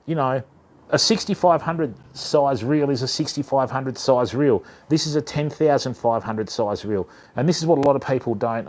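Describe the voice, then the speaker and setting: A man's voice: medium pitch, a little mellow. A man hosting a casual fishing livestream, chatting with viewers and calling them mate. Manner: chatty, matey, addresses chat as mate and fam. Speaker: livestream host of a fishing channel.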